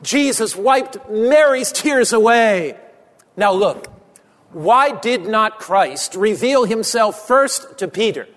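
A male pastor with a notably high voice delivers an impassioned sermon, repeating phrases for weight and sinking low and quiet to press a point. His voice rings with a long reverb, as if in a large hall. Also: expressive, slow. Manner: impassioned preaching with repetition, dropping low and soft for emphasis.

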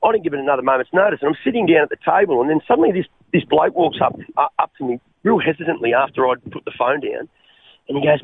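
An Australian man recounts his life story as a radio guest, earnest and stumbling, with many restarts and frequent use of mate. His voice is gravelly and a little high for a man. It comes through a dry, tinny phone line. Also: lively intonation, quick pace, slight background noise. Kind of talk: personal testimony on radio.

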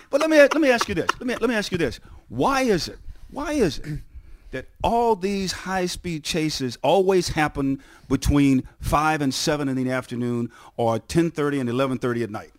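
A man's voice: a little high, normal speed. A man in a podcast interview, a TV on-air personality telling stories with many repeats and restarts. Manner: animated storyteller, repeats words and restarts. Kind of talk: casual storytelling chat.

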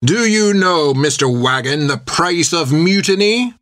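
A man voicing a slow, gloating sea captain. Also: fairly high pitch, lively intonation, a bit bright, dry recording, clean studio sound, pitched above the performer's own voice. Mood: cold, menacing. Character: smug, menacing male pirate ship captain.

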